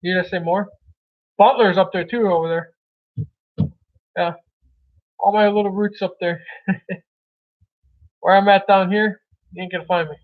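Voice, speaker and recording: A man from Milwaukee, Wisconsin, hosting a casual livestream chat, rambling loosely and calling viewers brother. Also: high voice. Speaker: livestream host chatting with viewers. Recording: tinny phone-like audio.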